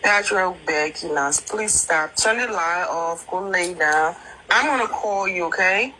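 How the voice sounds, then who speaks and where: Blunt, scolding woman, lowish pitch, bright tone. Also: measured pace, rough recording.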